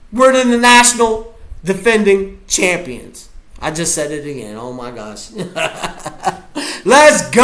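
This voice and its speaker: A man reacting to a football game as a fan, hyped and often shouting his cheers. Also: high-pitched. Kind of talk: live game reaction vlog.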